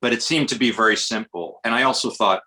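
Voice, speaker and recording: A man's voice: medium pitch, quick pace, bright, forceful tone, low-quality recording. A man from the US, an actor guest on a podcast, talking in a digressive way with many restarts. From Westchester, New York, US. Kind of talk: casual podcast conversation.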